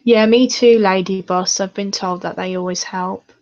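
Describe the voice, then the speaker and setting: A woman hosting a casual chat over a video call, talkative and quick to giggle. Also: medium pitch, fairly even intonation, darkish tone, muffled recording. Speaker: channel host.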